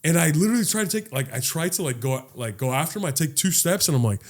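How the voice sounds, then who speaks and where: Animated, swearing young male podcast host. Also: mid-range voice, quick pace, few pauses. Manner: animated, profane storytelling with acted-out quotes. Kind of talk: casual chat, storytelling.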